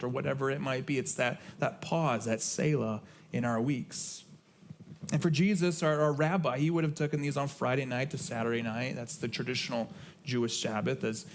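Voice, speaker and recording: A man's voice: medium pitch, creaky, a bit bright, slight background noise. A middle-aged man, a pastor, preaching a sermon in an earnest, conversational way and repeating key phrases for emphasis. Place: church sanctuary.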